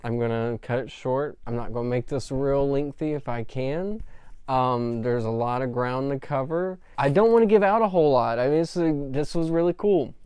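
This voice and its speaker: Male reviewer, casual rambling recap, smooth and fairly high, dry close mic. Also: moderate pace, a little mellow, no echo. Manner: rambling, many fillers. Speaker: film reviewer.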